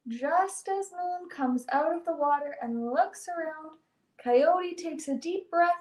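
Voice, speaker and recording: A woman reads a picture book aloud in a high, gentle voice. She takes her time over each line. Her voice carries a roomy echo. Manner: gentle, deliberate storytelling. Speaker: librarian storyteller.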